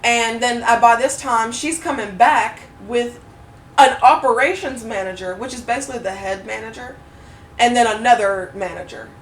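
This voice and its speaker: A woman co-hosting a podcast, telling a story in a casual, animated way, swearing freely and acting out what others said. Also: on the high side, moderate pace. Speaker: podcast co-host. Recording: roomy echo, mic at a distance, faint noise.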